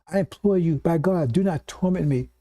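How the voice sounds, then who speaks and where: A man's voice: normal speed, mellow, close to an everyday voice. A man voicing a tormented demon-possessed man who begs not to be punished, reading it in a pleading tone. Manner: begging, high-pitched pleading.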